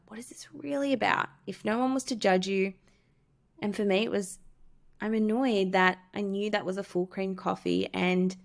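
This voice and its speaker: A woman, a podcast host and coach, candidly telling a personal story and teaching self-help steps, acting out the voices she quotes. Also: vocal fry. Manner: candid, acts out quoted voices with lively pitch jumps.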